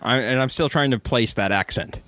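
A man's voice: medium pitch, normal speed, fairly bright tone, dry recording. A man playing a tabletop game, joking around and laughing often. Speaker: player.

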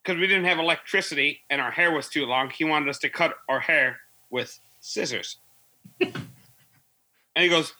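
A man's voice: on the high side, moderate pace, bright, forceful tone, rough recording. A young man, an army veteran, telling rambling stories with lots of fillers in a casual podcast chat.

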